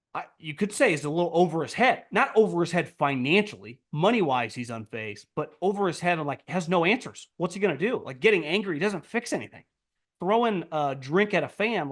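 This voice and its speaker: Blunt, profane man with a higher voice. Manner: blunt, profane, riffing with frequent "like" and restarts; jumps to loud, high mocking outbursts. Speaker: sports podcast host. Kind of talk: casual sports opinion monologue.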